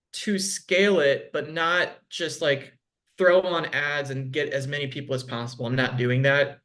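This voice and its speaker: A man's voice: mid-range voice, a bit bright. Chatty man on a video call. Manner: conversational, frequent "like" and "um". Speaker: business consultant guest. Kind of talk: casual video call chat.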